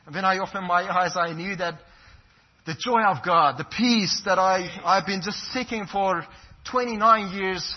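A man's voice: sits high, normal speed. A man from Iran, a pastor giving an earnest, fervent personal testimony. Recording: dull lo-fi recording.

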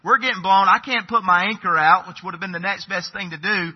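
A middle-aged man preaching, his voice a little high and husky. He tells a story in a folksy, conversational way, calling his listeners folks. The recording sounds dull and lo-fi. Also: fairly even intonation, a little fast. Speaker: pastor. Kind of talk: sermon storytelling.

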